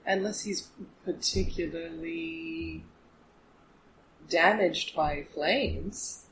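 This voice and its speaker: A player in a tabletop role-playing game, playful and quick to laugh. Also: medium pitch, fairly bright tone, echoey room, a little hiss or hum, poor audio. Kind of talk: tabletop role-play chat.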